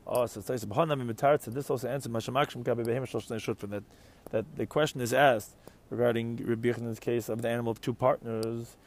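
A man's voice: mid-range voice, fairly even intonation, fast. A man giving a Talmud lecture, reading Aramaic phrases and explaining each one in English, often posing questions to his listeners. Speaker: Talmud teacher.

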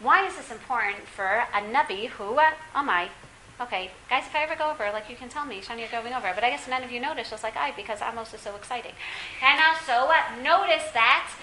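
A woman teaching a classroom Bible lesson, lively and questioning, often quizzing her students. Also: a little high, fast talker, reverberant, slight background noise, poor audio.

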